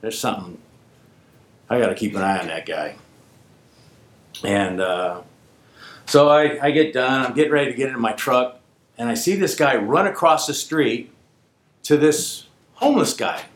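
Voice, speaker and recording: Animated man telling a story, echoey room. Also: mid-range voice, moderate pace, pauses often. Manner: animated, acts out quoted voices. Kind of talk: casual spoken anecdote.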